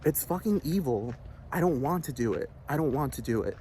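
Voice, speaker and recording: Agitated and swearing, a man vlogger rants, repeating himself and constantly asking if the listener understands. His mid-range voice is expressive and mellow, a little fast, with slight hiss or hum in the recording.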